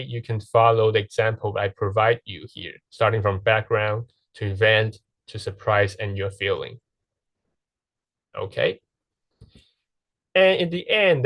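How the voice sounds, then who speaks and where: A man's voice: mid-range voice, dry recording. A man teaching a lesson, explaining step by step and checking in with "right?" and "okay". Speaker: English teacher. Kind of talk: recorded classroom lesson.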